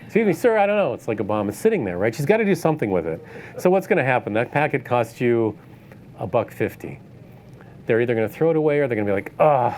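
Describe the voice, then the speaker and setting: A man's voice: mid-range voice, big pitch swings, fast talker, a little mellow, slight background noise. A man giving a casual lecture on the art business to photographers, tossing in "right?" and laughing now and then. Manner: conversational, tag questions like "right?", laughs often. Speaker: art dealer giving a talk. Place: event space.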